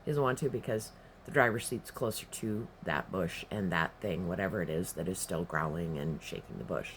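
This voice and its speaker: A man's voice: deep voice, normal speed, fairly bright tone, a little hiss or hum. A man telling a personal story in a rambling, profane, emphatic way, with casual spoken delivery. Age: adult, past his teens.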